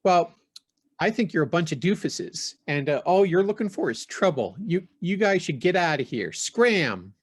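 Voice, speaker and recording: A man's voice: sits high, sing-song, moderate pace, slightly rough, voice pushed up, full character voice. A man voicing a hostile, brash woman who brandishes a knife, blunt and dismissive. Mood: scornful.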